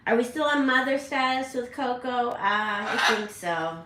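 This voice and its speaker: A woman's voice: fairly high pitch, sharp tone, reverberant, poor audio. A woman hosting a casual livestream from home, rambling and correcting herself as she chats with viewers. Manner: rambling, self-correcting, chatty. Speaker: parrot channel host.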